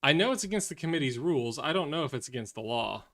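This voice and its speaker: A man talks through the day's headlines on a live stream, cursing as his temper flares. His voice is bright and edged, and it drops into low, tired mumbles between the outbursts. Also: expressive, quick pace. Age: adult, has children. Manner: profane, swings from angry rants to weary mutters. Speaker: streamer reacting to news. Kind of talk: casual live commentary.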